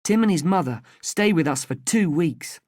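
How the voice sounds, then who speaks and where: A narrator reading a simple story aloud in a plain, careful and deliberate way for English learners. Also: medium pitch, animated, darkish tone, no echo, clean studio sound.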